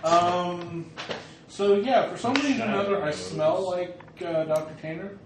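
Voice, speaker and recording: A man's voice: high voice, unhurried. Man, tabletop player, joking banter, noisy roomy recording. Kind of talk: casual tabletop game chat. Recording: echoey room with clear noise and clicks.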